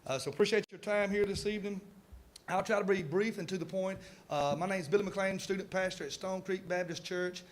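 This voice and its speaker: A man, a student pastor, giving a public presentation in rapid-fire, auctioneer-like talk. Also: high voice, steady tone.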